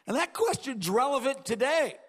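Man pastor, high voice, conversational sermon delivery, long hall echo. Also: expressive, normal speed. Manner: conversational expository preaching with dramatized asides.

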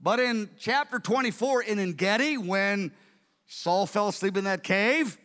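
A man preaching a sermon, telling the story in an animated, conversational way. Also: high-pitched, unhurried, long reverb tail.

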